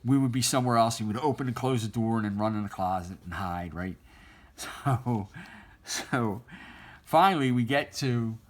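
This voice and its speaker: A man's voice: medium pitch, moderate pace. A middle-aged man casually telling a childhood story while he draws, rambling and laughing often. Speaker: artist drawing on stream.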